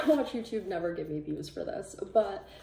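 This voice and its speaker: A woman's voice: on the low side, lively intonation, normal speed, creaky, roomy sound, distant mic, heavy background noise. A woman giving a casual phone review to camera, rambling with lots of fillers and restarts. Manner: rambling, filler-heavy, hesitant. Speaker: tech vlogger.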